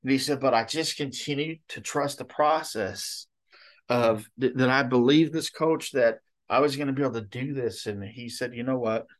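A man delivering a sermon in a relaxed, talky way. He wanders through a story with frequent asides and keeps checking in with the listeners. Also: mid-range voice, normal speed. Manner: conversational and rambling, frequent "you know" and "okay?". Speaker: preacher.

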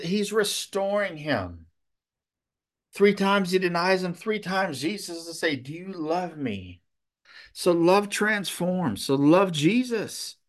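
Slow-talking man preaching a sermon. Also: high voice. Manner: conversational, repeats "okay?", many restarts.

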